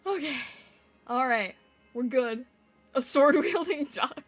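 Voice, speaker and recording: A woman streaming live, chatting casually with her chat, giggling often, her voice squeaking when she laughs or yells. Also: animated, takes it slowly, faint music behind.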